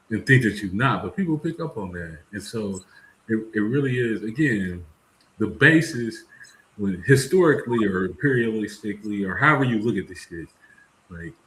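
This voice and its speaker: A man's voice: on the low side, expressive, moderate pace, fairly bright tone. A man talking reflectively in casual group conversation, swearing casually as he builds his point. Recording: echoey room, faint noise.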